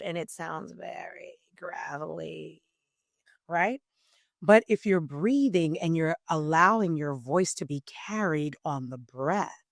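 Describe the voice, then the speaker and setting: A woman voice coach explaining in an interview, teacherly and emphatic, swinging between loud and soft phrasing. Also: fairly low pitch, dry recording, clean studio sound.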